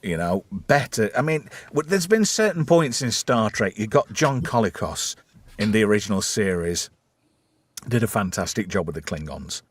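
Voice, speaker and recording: A man's voice: on the low side, expressive, normal speed, slightly rough. A man hosting a casual, crude chat show, riffing bawdy jokes and laughing a lot. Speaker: podcast host.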